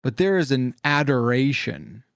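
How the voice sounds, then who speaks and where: A man hosting a podcast in casual chat, measured and thoughtful. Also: mid-range voice, very animated, gravelly, dry recording, clean studio sound. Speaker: podcast host.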